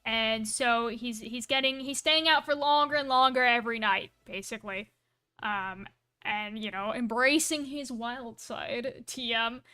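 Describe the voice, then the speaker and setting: A woman with a high, bright and smooth voice chats casually on a live stream. She rambles through stories with plenty of asides and self-corrections, and she is playful and quick to poke fun at herself. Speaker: livestreamer.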